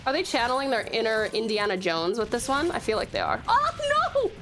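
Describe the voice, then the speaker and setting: A woman from Tasmania with an Australian accent, chatting excitably through a live game stream, swearing and laughing readily. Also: fairly high pitch, brisk, soft background music.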